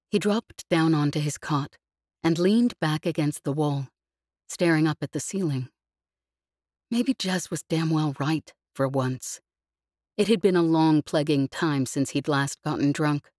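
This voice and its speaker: A woman narrating a novel in a measured, even storytelling voice, read close in a studio. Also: deep voice, no echo. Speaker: audiobook narrator. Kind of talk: scripted narration.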